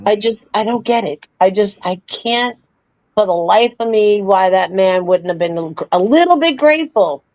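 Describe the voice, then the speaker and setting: A woman's voice: medium pitch, animated, normal speed, darkish tone, no echo. Chatty woman podcast co-host, dry mic. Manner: chatty storyteller, emphatic. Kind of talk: casual political chat.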